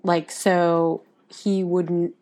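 A woman's voice: on the low side, drawn-out words. A woman co-hosting a casual podcast about musical theatre, chatty and full of fillers, often acting out quotes. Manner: chatty, many fillers, animated quoting. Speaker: podcast co-host.

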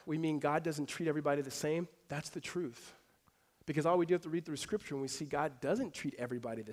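A man preaching a sermon to a congregation, telling stories with swings between hushed and emphatic delivery. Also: a little high. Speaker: pastor. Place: church hall before a congregation.

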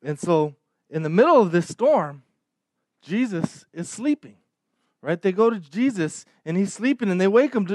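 A pastor preaches conversationally, often stammering through restarts and checking in with listeners with "right?" tags. His voice sits high yet has a darkish tone; he's expressive at a moderate pace, and the studio-quality recording has no echo.

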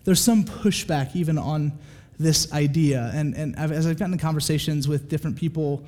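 A male pastor preaching in a relaxed, conversational way, his voice sitting a little high for a man. He talks quickly and animatedly, pausing again and again to check in with the congregation. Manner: casual, animated, keeps checking in with "okay?". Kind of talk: sermon.

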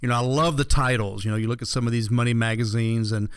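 A man's voice: medium pitch, steady tone, quick pace, clear, resonant tone, no room sound, studio quality. A man hosting a financial radio talk show, chatting casually and rambling with lots of fillers and restarts.

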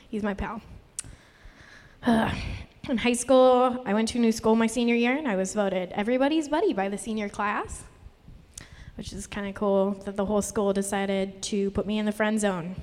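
A woman's voice: mid-range voice, fairly even intonation, normal speed, a little mellow. A young woman doing a live stand-up set, nervous and rambling, self-deprecating, with a voice that always sounds on the verge of tears. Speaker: stand-up comedian. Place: live comedy venue. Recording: live room with long reverb.

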